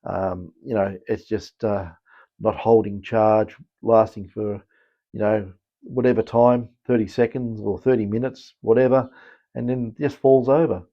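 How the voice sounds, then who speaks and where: An Australian man gives a casual technical explanation in a lowish voice. He rambles, with frequent fillers and restarts. The recording sounds dull and lo-fi. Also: steady tone, measured pace. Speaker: electronics technician and channel host.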